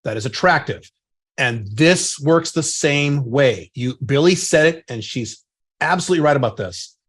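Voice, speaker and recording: A man's voice: medium pitch, animated, normal speed, fairly bright tone, husky. A man co-hosting a podcast in casual chat, talking bluntly and emphatically, with some profanity. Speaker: podcast co-host.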